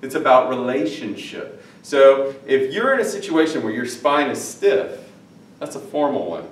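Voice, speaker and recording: A man's voice: medium pitch, sing-song, normal speed, a little hiss or hum. A male Spanish teacher giving a recorded lesson in a chatty way, repeating phrases and checking in with his listeners. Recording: echoey room, mic at a distance.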